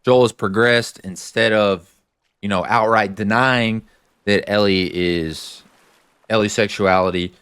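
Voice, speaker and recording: A man's voice: fairly low pitch, steady tone, a little slow, fairly bright tone, clean tone, dry recording, studio quality. A man casually recapping a TV episode, retelling scenes with lots of "like"s and adding his own opinions. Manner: chatty, many filler "like"s, retells scenes then gives opinions. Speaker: show recap host.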